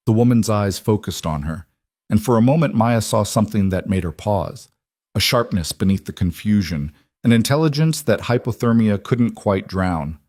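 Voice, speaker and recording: A man narrating a scripted story in a steady, even manner. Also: lowish voice, normal speed, no echo, clean studio sound.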